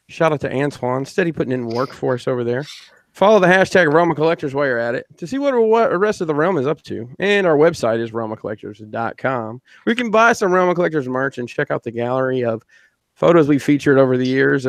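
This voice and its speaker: A man's voice: a little high, animated, a little fast, no echo. Joking podcast host man, dry sound. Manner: loose, joking, swears. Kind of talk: casual chat. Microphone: video call.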